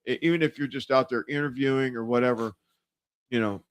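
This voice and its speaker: A man's voice: medium pitch, steady tone, a little fast, smooth. A man hosting a casual political livestream, rambling with lots of fillers and restarts. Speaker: livestream show host. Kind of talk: casual political talk show.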